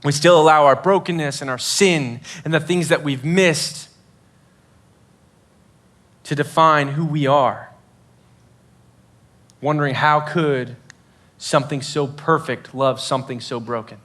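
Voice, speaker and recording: Bright-voiced man preaching casually. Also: on the high side, unhurried, pauses often. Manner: casual, filler-heavy preaching with acted quotes. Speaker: youth pastor. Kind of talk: sermon.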